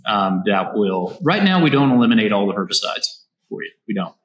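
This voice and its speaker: A man with a low voice tells his farming story as an interview guest, energetic and full of restarts. He sounds from Kansas. The room around him is echoey. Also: brisk. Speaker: farmer and robotics company founder, guest. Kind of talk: casual interview conversation. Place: on a farm.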